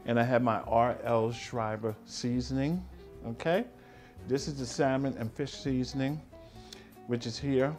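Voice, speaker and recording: A man's voice: medium pitch, fairly even intonation, unhurried, a little mellow, faint music behind. A middle-aged man hosting a cooking show, talking casually and playfully, humming and chuckling as he cooks. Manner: chatty and playful, hums and chuckles while cooking.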